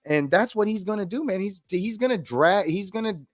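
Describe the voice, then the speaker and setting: A man's voice: high-pitched, expressive, brisk, no echo, studio quality. A man co-hosting a sports podcast, talking emphatically and repeating points for effect. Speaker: podcast co-host. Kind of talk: casual sports chat.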